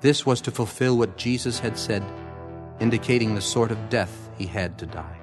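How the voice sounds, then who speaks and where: A man's voice: on the low side, moderate pace. Man reading scripture over guitar. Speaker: scripture narrator. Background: faint guitar music.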